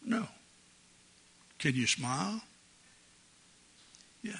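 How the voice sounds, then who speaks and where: An older male pastor delivers a folksy, jovial sermon, chuckling as he goes. His voice is sharp and bright yet husky and breathy. He speaks from a church sanctuary. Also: fairly high pitch, expressive, extremely slow.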